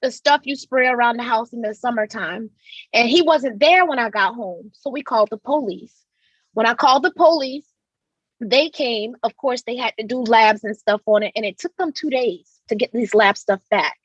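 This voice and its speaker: A woman tells her story in a high, girlish voice, acting out the others' lines as she goes. Her pitch sits well above most women's. The sound is dry and a little dull, with no room around it. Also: normal speed, breathy edge, dry recording. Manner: animated, acts out quotes in voices. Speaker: talk show guest. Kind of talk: candid storytelling.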